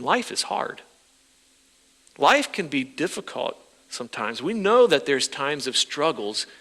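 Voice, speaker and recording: A male pastor preaching a sermon in a church, animated, his voice rising as he acts out people's prayers. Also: on the high side. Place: church sanctuary. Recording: reverberant church hall.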